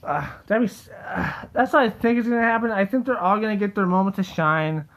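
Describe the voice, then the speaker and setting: Young male host, high-pitched, rambling and excitable, casual delivery with constant fillers. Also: a little fast. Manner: rambling, full of "like" and restarts, excitable. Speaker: theory video host. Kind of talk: casual solo monologue.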